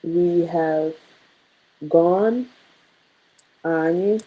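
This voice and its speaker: A woman's voice: lowish voice, drawn-out words, phone-quality sound. A woman building a language study sheet on screen, thinking aloud, muttering and correcting herself as she types practice phrases. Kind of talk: casual screen-share lesson, thinking aloud.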